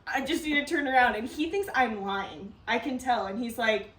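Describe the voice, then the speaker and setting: A young woman co-hosts a podcast, telling a story in casual chat, acting out the quotes and laughing a lot. Her voice is fairly high and a bit bright, at a moderate pace. The room is echoey, and she sounds a bit distant from the mic.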